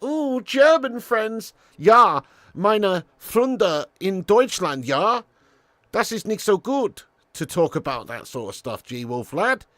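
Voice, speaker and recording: A man's voice: mid-range voice, sing-song, moderate pace, hardly any pauses, pushed and bright, no room sound, studio quality. A man putting on a cheerful, stereotyped German man with a mock German accent, drawn out and sing-song. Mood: mock jolly.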